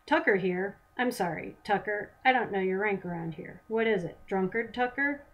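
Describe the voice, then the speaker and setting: A woman's voice: mid-range voice, moderate pace, a bit bright, close to an everyday voice, low-quality recording. A scheming lawman corporal, smug and mocking, voiced by a woman reading her novel. He haggles slyly and sneers at his rivals. It sounds like a storybook read aloud. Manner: mocking, sly bargaining.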